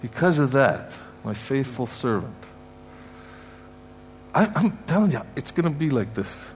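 A man's voice: mid-range voice, big pitch swings, unhurried, slight background noise. A man from Canada preaching a heartfelt sermon, repeating his points with emphasis and pronouncing blessings over a church congregation. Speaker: guest preacher. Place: church sanctuary.

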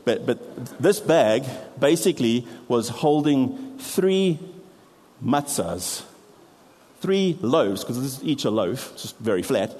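A man's voice: medium pitch, expressive, takes it slowly, darkish tone, in a large hall. A man preaching a sermon, explaining step by step with props and light self-deprecating asides. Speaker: pastor.

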